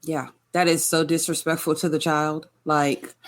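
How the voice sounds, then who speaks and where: A woman's voice: deep voice, level tone, a little slow. A woman co-hosting a podcast, giving blunt, incredulous commentary on a reality show. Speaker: podcast co-host. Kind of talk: casual chat, reacting to a reality show.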